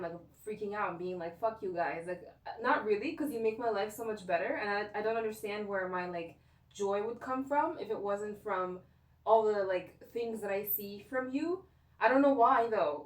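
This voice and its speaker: Young woman, vlogger; rambling, emotional, full of fillers; distant mic, echoey room. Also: mid-range voice. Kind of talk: casual personal rant to camera.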